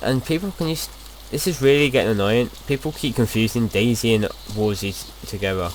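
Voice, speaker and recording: A man's voice: medium pitch, moderate pace, slight background noise. A young man casually talking through his gameplay as a video host, rambling and chatty, often restarting his sentences.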